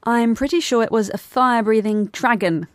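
Clear, higher-voiced woman presenter. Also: normal speed, no echo. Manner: clear, explanatory. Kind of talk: scripted educational podcast.

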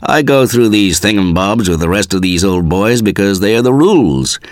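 Man reading as a calm cheerful monk, soothing, teasing his old pals, lively ups and downs. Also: fairly low pitch, moderate pace, no echo, clean studio sound, voice pushed up, close to an everyday voice. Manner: easy, soothing, gently teasing. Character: serene, cheerful young man turned monk.

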